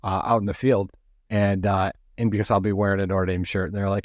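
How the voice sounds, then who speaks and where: A man's voice: lowish voice, steady tone, a little fast, no room sound, clean studio sound. A middle-aged man co-hosting a casual sports podcast over a remote call, telling rambling stories that keep interrupting themselves. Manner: rambling, self-interrupting storyteller. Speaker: podcast co-host.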